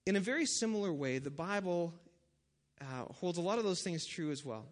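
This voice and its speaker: Conversational male preacher, slightly high voice. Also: lively intonation, moderate pace. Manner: conversational, asks the audience questions, many fillers. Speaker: pastor. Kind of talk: sermon.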